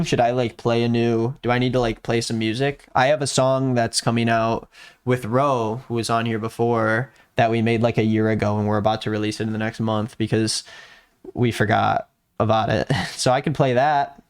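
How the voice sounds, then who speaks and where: A man hosting a livestream in casual chat, sarcastic and often jumping into high mock-excited tones. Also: moderate pace, smooth. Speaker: streamer hosting.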